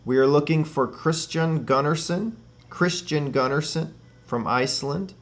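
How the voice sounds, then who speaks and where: A man hosting a paranormal spirit-box session, earnestly and gently calling out names and passing on messages. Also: on the high side, measured pace.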